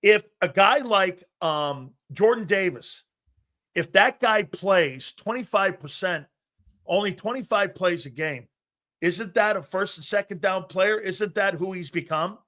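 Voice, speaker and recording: Brash, loud middle-aged man. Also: sits high, lively intonation, unhurried. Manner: loud, brash storyteller who acts out quotes. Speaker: sports talk show host. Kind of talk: casual sports talk, storytelling.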